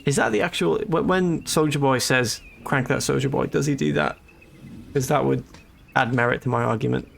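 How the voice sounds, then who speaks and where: A man's voice: mid-range voice, moderate pace, vocal fry, a little hiss or hum. A man chatting casually and joking while live-streaming a video game, laughing often.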